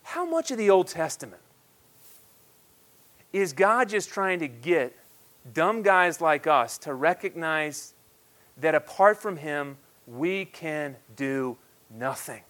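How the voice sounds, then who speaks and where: A man in his thirties preaching a sermon, swinging between loud, emphatic declarations and hushed, quiet asides. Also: a little high, expressive, slow pace, long pauses. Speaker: pastor.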